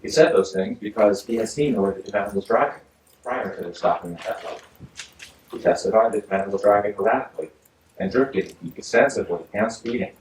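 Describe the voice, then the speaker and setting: A male judge reading a ruling from the bench in a measured, formal way, often pausing with "uh". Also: on the low side, far from the mic. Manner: measured, formal legal delivery with frequent uhs. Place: courtroom. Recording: echoey courtroom audio from afar, faint hiss.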